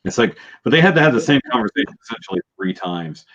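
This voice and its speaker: A man's voice: on the low side, sing-song, fast talker, a bit bright. A man hosting a casual review chat, retelling scenes with mocking character voices. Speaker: show host. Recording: dull lo-fi sound.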